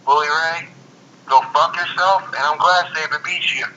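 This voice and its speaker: A man co-hosting a show, bluntly and rapidly cursing in casual chat. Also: a little high, steady tone, sharp tone, muffled recording, slight background noise. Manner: blunt, profane, fast. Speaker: podcast co-host.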